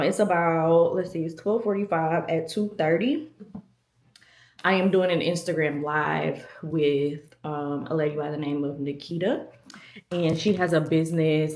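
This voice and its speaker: A woman's voice: sits low, a little mellow, reverberant. A woman vlogging in casual talk to camera, chatty and self-deprecating, a little out of breath, with many fillers.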